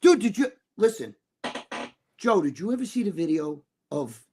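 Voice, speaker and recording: High-voiced, profane middle-aged man rambling. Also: sing-song, normal speed, warm tone, a little hiss or hum. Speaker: co-host. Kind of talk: casual live-stream chat.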